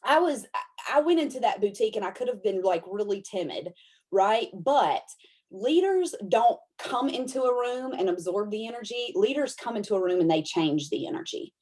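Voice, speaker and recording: A young adult woman, telling a story in a chatty, animated way, full of "like" and "y'all". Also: mid-range voice, normal speed. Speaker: independent consultant and motivational speaker. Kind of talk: casual live-stream storytelling.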